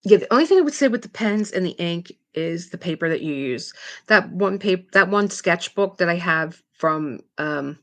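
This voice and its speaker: A middle-aged woman hosting a casual live chat, talking in a chatty, rambling way with quick asides. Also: fairly low pitch, animated. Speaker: livestream host.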